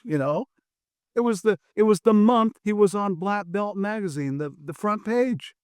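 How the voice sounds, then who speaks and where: A man's voice: medium pitch, clear, resonant tone, no room sound, clean studio sound. An older American man, a martial arts instructor, telling a story casually and acting out both sides of old conversations. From USA.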